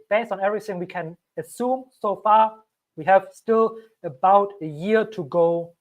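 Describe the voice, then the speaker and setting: A crypto channel host giving emphatic solo commentary on a cheap microphone, repeating key warnings and acting out panicky investors. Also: medium pitch.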